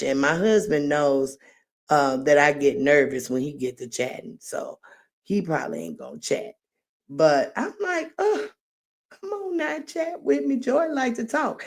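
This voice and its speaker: A woman's voice: low voice, darkish tone. A woman talking casually on her own live stream, rambling and chatty, who laughs at her own jokes and refers to herself in the third person.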